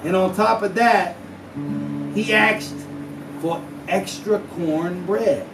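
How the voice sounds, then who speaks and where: A man's voice: sits high, slow. A man telling a hyperbolic, slang-heavy comic story at a live house show, with a drawling delivery. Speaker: musician telling a story on stage. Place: small house-show venue. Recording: echoey room, far mic, live music. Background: guitar.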